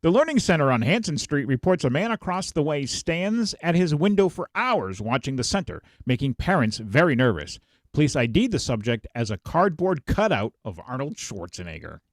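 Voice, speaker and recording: Animated man reading funny headlines. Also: a little high, normal speed, dry recording, studio quality. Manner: animated, laughs while reading. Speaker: podcast host. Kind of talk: casual podcast chat, reading headlines.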